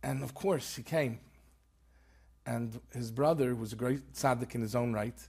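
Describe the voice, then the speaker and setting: A man's voice: medium pitch, a little slow, gravelly, darkish tone, slightly rough. A man, an author and rabbi, telling a story earnestly in conversation and peppering it with Hebrew terms. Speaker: author guest.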